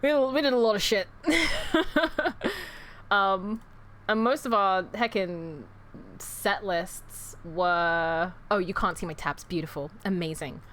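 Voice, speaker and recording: A woman's voice: fairly low pitch, slow, fairly bright tone, slight background noise. A young woman streamer in casual chat with her viewers, rambling, correcting herself and swearing as she goes.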